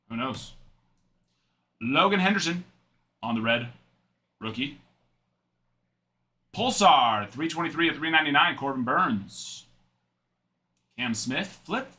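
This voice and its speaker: Young male card-break host, bright and animated, rambling chatter between card calls. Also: a little high. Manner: chatty, rambling asides while reading out cards. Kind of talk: live card-break stream chat.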